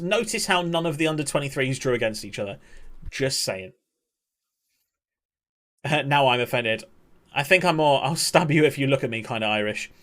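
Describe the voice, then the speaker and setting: A man's voice: medium pitch, fairly bright tone. A man chatting casually on a game stream, swearing and talking to his chat.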